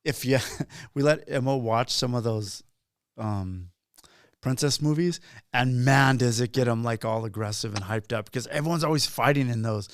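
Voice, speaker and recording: A man's voice: mid-range voice, moderate pace, no echo, clean studio sound. A man hosting a casual podcast chat, rambling with many restarts and fillers. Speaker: podcast host.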